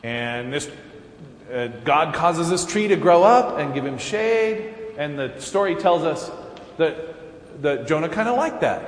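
Folksy, chuckling pastor in an echoing church. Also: male voice, fairly high pitch, expressive, unhurried. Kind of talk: sermon. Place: large church sanctuary. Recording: echoey church hall with faint room noise.

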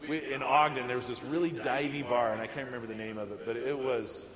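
A man's voice: medium pitch, fairly even intonation, a little fast, crowd noise. A middle-aged male pastor giving a casual, conversational sermon with frequent chuckles and fillers. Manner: casual and conversational, laughs often, many fillers. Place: church sanctuary. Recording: echoey church hall.

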